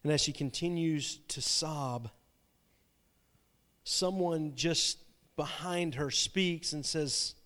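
A man's voice: fairly high pitch, takes it slowly, a bit bright. A man preaching a sermon, retelling a story dramatically and often repeating his words. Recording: long reverb from a large hall.

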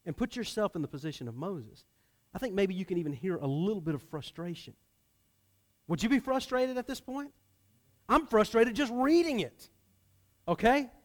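A man's fairly high voice carries a Sunday sermon. He talks as a pastor to his congregation, pressing some lines loudly and sinking others into a low, quiet murmur. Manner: animated, swings from loud emphasis to hushed low delivery.

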